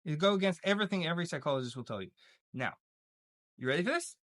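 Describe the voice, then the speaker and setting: Animated male teacher, jokey, acts out stories, dry close sound. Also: on the high side, quick pace, no room sound. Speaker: Torah teacher. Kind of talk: casual lively religious lesson.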